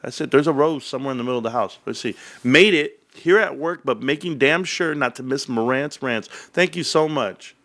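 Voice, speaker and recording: A man's voice: mid-range voice, a little fast, hardly any pauses. A man hosting a casual livestream, rambling and joking as he chats and reads the chat. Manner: rambling, animated, jokey. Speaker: livestream host.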